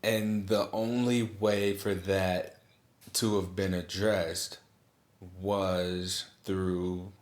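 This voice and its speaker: Very deep-voiced male host. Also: little pitch movement, echoey room. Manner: slow, measured summarizing. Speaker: podcast host. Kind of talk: reflective conversation.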